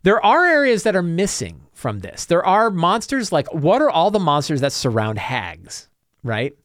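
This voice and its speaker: A man talks off the cuff as host, his voice sitting a bit high and swinging up and down with energy. He rambles through viewer questions with quick restarts. The sound is dry and close. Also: huge pitch swings, a bit bright, no room sound. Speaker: talk show host. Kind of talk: casual chat.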